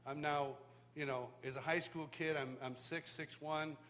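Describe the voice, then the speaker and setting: A man's voice: a little high, steady tone, normal speed, fairly bright tone. A middle-aged man preaching at a live church worship school, telling his life story with self-deprecating humor and acting out the voices of people he quotes. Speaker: worship teacher. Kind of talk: personal testimony sermon.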